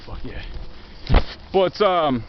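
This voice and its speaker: A man's voice: fairly high pitch, expressive, very slow, muffled recording, background noise. Joking Southern-accented man on a walk. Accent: Southern American, Virginia. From Virginia. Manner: profane, joking and sarcastic. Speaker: vlogger. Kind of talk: rambling walk-and-talk monologue. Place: outdoors in woods near a highway.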